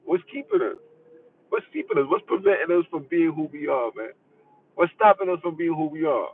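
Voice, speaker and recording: A man's voice: on the high side, expressive, brisk, slight background noise. A man hosting a podcast live stream, arguing in an emphatic, preachy way and hammering home repeated phrases. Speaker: podcast host. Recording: tinny phone-like sound from far off.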